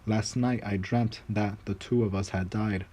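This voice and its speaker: A man's voice: on the low side, fairly even intonation, a little slow, dark tone. A man doing a meek, pleading little servant. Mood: humble, earnest. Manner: humble, pleading.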